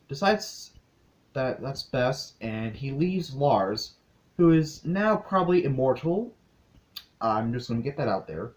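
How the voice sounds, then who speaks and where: Chatty young man reviewing a cartoon. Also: mid-range voice. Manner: chatty, quick recap with asides. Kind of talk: casual video review.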